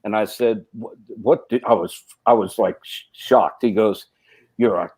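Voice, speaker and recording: A man's voice: fairly low pitch, fairly even intonation, a little slow, darkish tone, slightly rough, no echo. A middle-aged man, a guest actor, telling long casual anecdotes, rambling with many restarts and fillers.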